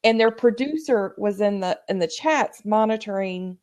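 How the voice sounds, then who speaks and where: A woman on a video call heaping warm encouragement on another participant, effusive and upbeat. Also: medium pitch, expressive, moderate pace. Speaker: supportive chat participant. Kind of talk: casual video group chat.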